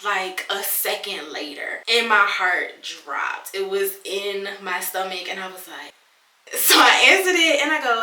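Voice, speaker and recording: A young woman, telling a story to her viewers in a lively, chatty way and calling them girl and y'all. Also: on the high side, a little slow. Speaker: lifestyle vlogger. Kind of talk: casual storytelling to camera. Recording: echoey room, voice a bit distant.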